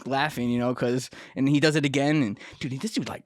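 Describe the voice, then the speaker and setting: A man's voice: medium pitch, fairly even intonation, brisk, no room sound, studio quality. A man co-hosting a podcast, telling anecdotes in casual chat and chuckling as he talks. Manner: anecdotal storytelling, chuckles while talking. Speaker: podcast co-host.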